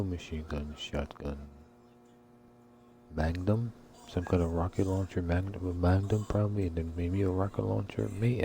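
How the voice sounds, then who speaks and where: A man's voice: sits low, dark tone, a little hiss or hum. A man giving casual let's-play commentary, rambling and crude, swearing a lot. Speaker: gameplay commentator. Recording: game music behind voice.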